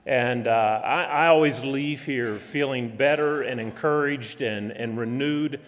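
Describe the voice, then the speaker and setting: A middle-aged man preaching a sermon in a church, folksy and halting, with many restarts and fillers. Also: medium pitch. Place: church hall. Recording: reverberant church hall.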